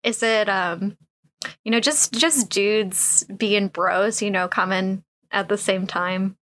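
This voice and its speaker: A woman hosting a casual comedic commentary show with a bright, crisp voice. She talks frankly and crudely, laughs often, and fills her sentences with "like" and "um.". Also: mid-range voice, slow pace.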